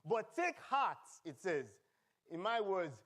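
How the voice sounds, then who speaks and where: A Nigerian-accented pastor preaching in church, his voice sitting noticeably high for a man. He moves between reading scripture and joking with the congregation. His delivery is animated and calls for answers from the pews. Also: slow pace. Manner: animated preaching with humor and call-and-response. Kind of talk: sermon.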